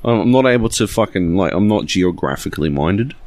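Very deep-voiced man, jokey. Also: brisk. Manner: jokey, sweary and animated. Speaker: podcast co-host. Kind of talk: casual chat.

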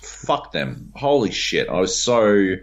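A man's voice: sits low, very animated, takes it slowly. A man co-hosting a casual podcast chat, ranting in a heated, profane way. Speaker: podcast co-host. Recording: dull lo-fi audio.

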